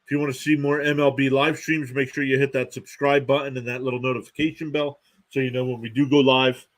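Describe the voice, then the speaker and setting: Young male stream host, steady play-by-play caller, mid-pitch voice. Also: quick pace. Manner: steady play-by-play, reads out scores and thanks viewers. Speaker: live stream sports commentator. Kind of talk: live play-by-play reaction commentary.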